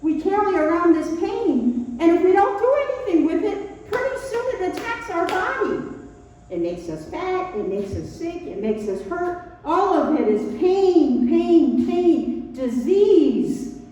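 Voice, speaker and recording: A woman leading a non-religious sermon, speaking slowly and emphatically and repeating key phrases. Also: extremely high pitch, big pitch swings, dark tone. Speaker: service leader. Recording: echoey hall, distant dull mic.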